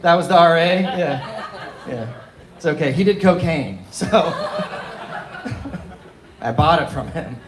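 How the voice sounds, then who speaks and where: A young man in his twenties doing a loose, animated stand-up set at an open mic in a small bar. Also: fairly high pitch, unhurried, pauses often, noisy background. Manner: loose, animated storytelling with laughs. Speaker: stand-up comedian. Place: small bar and coffee venue. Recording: echoey live room.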